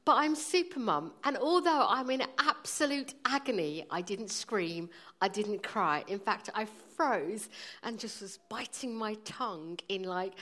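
A woman in her forties preaching, telling a personal story in a lively, humorous way. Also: mid-range voice, measured pace.

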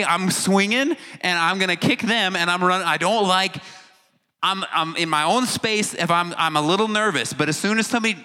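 A man's voice: high-pitched, pushed and bright. A man giving a casual, joking talk to a teen audience, acting out reactions and stumbling over long words. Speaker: youth speaker. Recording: hall reverb.

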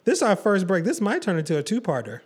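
A man's voice: sits high, huge pitch swings, fast, slightly rough. A man hosting a podcast, chatting loosely and laughing as he drinks tequila. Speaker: podcast host. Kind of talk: casual podcast chat.

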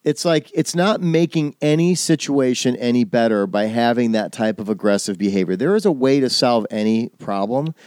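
A man's voice: medium pitch, normal speed, few pauses, a little mellow, no echo, clean studio sound. A man in casual chat, opinionated and profane, teasing his friend.

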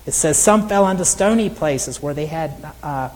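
A middle-aged man preaching a sermon in an earnest way, reading scripture aloud slowly. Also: a little high, long reverb tail, rough recording. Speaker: pastor.

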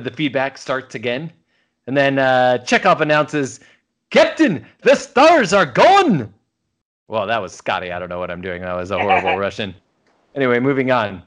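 Lively, animated male podcast host. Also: mid-range voice. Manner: animated storytelling, acts out quoted lines. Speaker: podcast co-host recapping an episode. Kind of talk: casual podcast chat.

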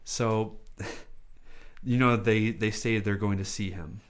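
A man's voice: on the low side, steady tone, slow. A man chatting casually, rambling with lots of fillers and frequent laughs. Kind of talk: casual chat.

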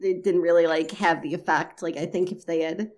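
A woman's voice: fairly low pitch, steady tone, fairly quick, darkish tone. A woman co-hosting a podcast in casual chat, rambling and sarcastic, and she swears freely. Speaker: podcast co-host.

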